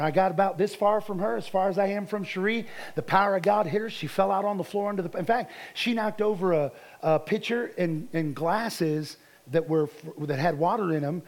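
A male preacher with a notably high voice, delivering a sermon as a personal testimony. He speaks fervently and circles back on his words as he drives a point home. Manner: fervent, repeats words when building a point.

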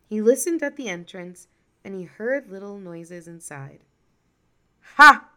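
A woman storyteller narrating a folktale. Her delivery is lively and expressive, and her voice sits at a middle pitch. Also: moderate pace.

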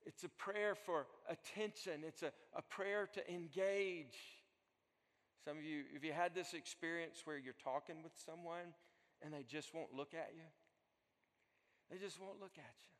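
A man's voice: a little high, a little slow. Dynamic male pastor in a reverberant sanctuary. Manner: dynamic, swings from loud pleading to soft near-whisper. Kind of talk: sermon. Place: church sanctuary. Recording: long hall reverb.

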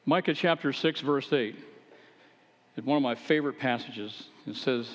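A man's voice: mid-range voice, normal speed. A man, a pastor, preaching a sermon, earnest and at times emphatic as he exhorts his listeners. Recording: long hall reverb.

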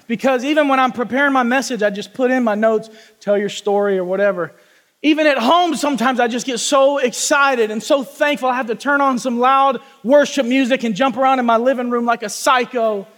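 A man preaching a testimony sermon in a church, talking with passion and folksy asides, and shouting at the peaks. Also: very high voice, brisk, big-room sound. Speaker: pastor. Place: church sanctuary with congregation.

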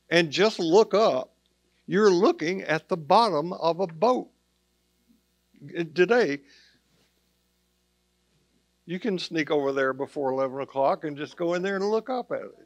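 Conversational male preacher, slightly high voice. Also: no room sound. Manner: conversational preaching with plain asides. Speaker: pastor. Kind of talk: sermon.

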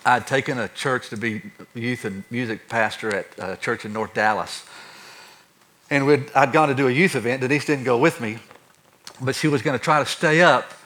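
Bright-voiced storytelling pastor. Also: male voice, medium pitch, normal speed. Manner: animated, acts out stories with shifting loudness. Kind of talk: sermon with personal storytelling.

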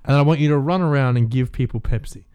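Smooth-voiced male podcast co-host. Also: mid-range voice, quick pace, darkish tone, no echo. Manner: joking, laughs often, rambling restarts. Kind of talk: casual chat.

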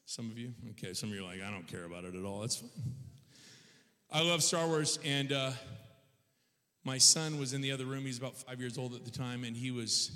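A man's voice: mid-range voice, moderate pace, pauses often, sharp tone. A male pastor preaching a sermon, telling stories in a conversational way in a church, with long hall reverb.

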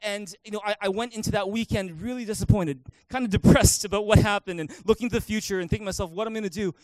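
A male pastor preaching in a church, telling a personal story in an animated way with many restarts. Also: high voice, quick pace, no room sound. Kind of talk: sermon storytelling.

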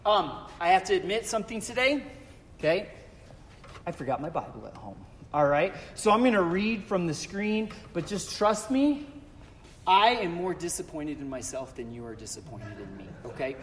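High-voiced joking pastor in an echoing church. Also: male voice, expressive, normal speed, a little hiss or hum. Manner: chatty, joking, self-deprecating asides. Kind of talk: casual humorous sermon. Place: church sanctuary.

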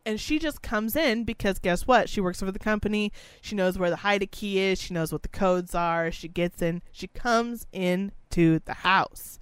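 A young woman telling a story in a casual chat, with a blunt, profane and animated way of talking. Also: mid-range voice, normal speed, few pauses, clean tone, no echo.

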